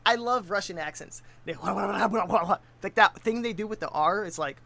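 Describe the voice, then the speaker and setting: Man, reaction commentator, casual, laid-back slang, bright forceful voice. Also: sits high, a little slow, vocal fry, dry recording.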